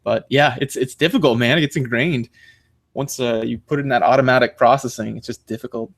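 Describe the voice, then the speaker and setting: A man hosts a casual podcast, rambling quickly through stories and correcting himself as he goes. His voice sits in a middle range and is recorded dry and close, with no room sound. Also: mid-range voice, creaky, dry recording. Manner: rambling, self-interrupting, swears casually. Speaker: podcast host.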